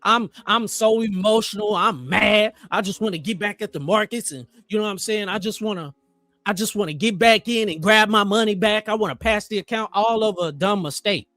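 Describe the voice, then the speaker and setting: A man hosting a live trading stream, chatting casually in an animated, joking, motivational way. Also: high-pitched, brisk, dry recording. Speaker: trading livestream host.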